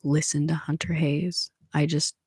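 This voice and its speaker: Young adult ASMR streamer: dark, husky, soft-spoken, whispery chat. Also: mid-range voice, little pitch movement, measured pace, no room sound, clean studio sound. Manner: soft-spoken, drifting in and out of whispers, rambling and emotional. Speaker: ASMR livestreamer. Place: small room at home.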